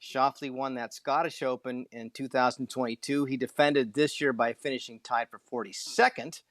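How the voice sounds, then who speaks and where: A man co-hosting a sports talk podcast, his voice sitting at an ordinary middle pitch. He rambles through the topics with folksy asides and sounds close and dry, with no room behind him. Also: steady tone, normal speed, no echo. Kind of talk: casual sports chat.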